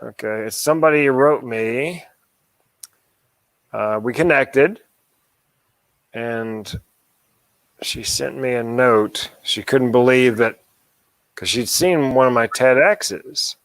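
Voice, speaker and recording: A man co-hosting a relaxed podcast, slipping dark jokes about himself into his talk and laughing at them. His voice sits in a middle pitch. The sound is dry and close, with no room around it. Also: slow, long pauses, no room sound. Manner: dark self-deprecating humor, laughs at own jokes. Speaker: podcast co-host and mental health speaker. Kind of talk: casual podcast chat.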